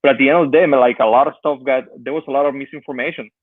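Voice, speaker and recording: Fast-talking man on a thin line. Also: medium pitch, fairly even intonation, breathy edge, no room sound. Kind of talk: casual interview chat. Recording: thin phone-like line, dry.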